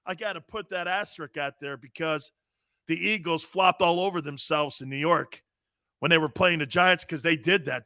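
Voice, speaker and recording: A middle-aged sports talk show host with a voice that sits high hollers his opinions, recorded with clean studio sound and no room sound. He's loud and emphatic, swears freely and keeps hammering the same catchphrases.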